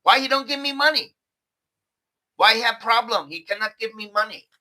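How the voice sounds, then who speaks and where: A man's voice: extremely high pitch, normal speed, bright, forceful tone, pitched above the performer's own voice, full character voice. A man imitating a blunt young woman who speaks broken English and demands money. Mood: indignant. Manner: blunt, scolding.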